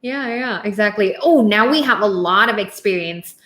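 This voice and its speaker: A woman joins a casual conversation, often stumbling and repeating words as she restarts her sentences. Her voice sits at a middle pitch, and the recording carries a roomy echo. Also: expressive, moderate pace, fairly bright tone. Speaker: co-host. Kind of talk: casual chat.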